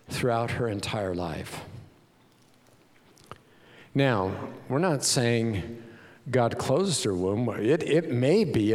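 A man preaching a sermon as pastor, emphatic and animated, with many rhetorical questions. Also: mid-range voice, vocal fry, in a large hall.

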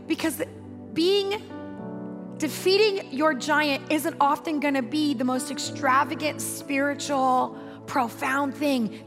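A woman pastor preaching a sermon, telling a personal story in an emphatic, conversational way with repeated phrases. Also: high-pitched. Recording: long hall reverb with music behind.

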